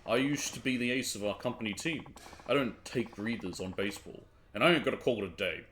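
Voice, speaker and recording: A man voicing a boisterous drunk middle-aged former baseball pitcher, talking in folksy old-timey slang. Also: brisk, fairly bright tone, slight background noise, close to an everyday voice. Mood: blustering. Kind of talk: reading game dialogue aloud.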